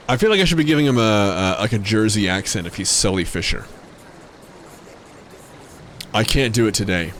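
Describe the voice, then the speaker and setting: A man's voice: fairly low pitch, animated, fairly quick, a bit bright, a little hiss or hum. A young man streaming a game, chatting casually with joking, rambling asides and some swearing. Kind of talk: casual gameplay commentary.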